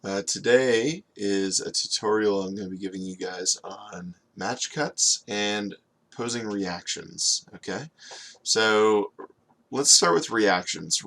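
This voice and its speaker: A man teaching storyboarding in a casual screen-recorded tutorial, talking in a relaxed, conversational way and often checking in with "okay?". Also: sits low, gravelly. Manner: relaxed and conversational, with frequent fillers. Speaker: animation storyboard instructor.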